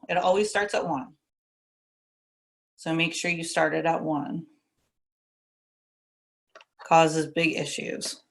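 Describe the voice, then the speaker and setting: A woman with a lowish, fairly bright voice leads a recorded class lesson. Using a casual instructor tone, she walks methodically through formulas and goes over the key steps again.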